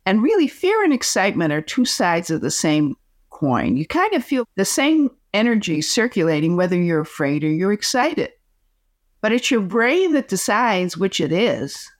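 A woman coaching listeners on speaking, her pitch swinging widely as she demonstrates points. She sounds dry and close to the mic, at an ordinary middle pitch. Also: no echo. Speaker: communication coach, guest. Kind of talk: podcast interview.

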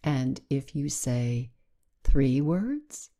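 Woman reading as a sly, haughty she-cat from a storybook, low and unhurried, soft dark tone. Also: expressive, full character voice. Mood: coaxing. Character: proud, cunning wild female cat.

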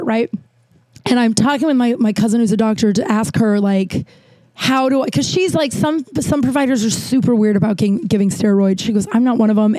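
Breathless, rambling woman with a higher voice. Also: warm tone, no room sound. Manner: rambling, frustrated, swearing, acts out quotes. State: out of breath from long covid. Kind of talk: casual storytelling to camera.

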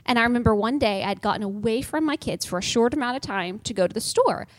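A woman's voice: fairly high pitch, fast, dry recording. A woman on a podcast telling a humorous, self-deprecating personal story in a casual way. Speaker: podcast guest.

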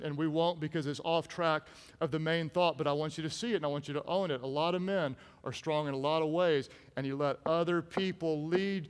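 A man preaching a sermon to a congregation, animated and jokey, acting out the story with voices. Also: fairly high pitch. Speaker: pastor. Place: large church hall. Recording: hall reverb from large room.

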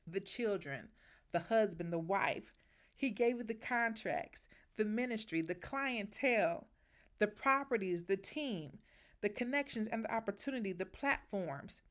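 A woman hosts a faith devotional podcast in a heartfelt, preacherly voice of ordinary pitch. She stresses her words and sounds moved as she encourages her listeners. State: emotional. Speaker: podcast host.

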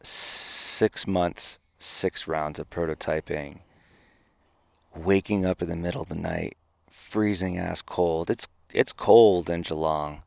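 A man, a podcast guest telling an animated story and swearing now and then. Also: low voice, slow pace, vocal fry, dry recording. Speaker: podcast guest, company founder. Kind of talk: storytelling in a casual interview.

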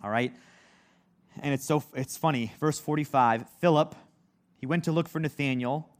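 A man's voice: medium pitch, moderate pace. A man teaching a casual Bible lesson, talking conversationally with lots of "like" and acting out the people in the story. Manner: conversational, heavy use of "like", acts out quoted voices. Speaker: preacher.

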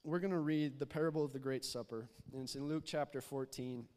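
In a church sanctuary with long hall reverb, a young youth pastor gives a casual sermon, repeating words often and prompting the congregation to answer back. His medium-pitched, darkish voice stays fairly even and moves fairly quickly with few pauses.

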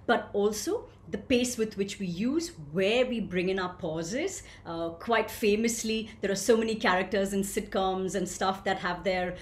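A woman leading a voice workshop for coaches, lively and questioning, answering participants by name. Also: mid-range voice, unhurried, hardly any pauses, echoey room. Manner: animated, asks the group questions and answers them. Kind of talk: live online workshop teaching.

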